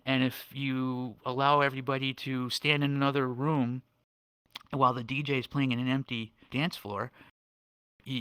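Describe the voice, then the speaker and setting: A man of average pitch talks in a loose, rambling way and keeps checking in with "right?" as he goes. His voice sits dry and close, with no room sound around it. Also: a bit bright, no room sound. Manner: rambling, repeats words, says "right?" often. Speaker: guest, VRChat world builder. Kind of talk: casual podcast chat.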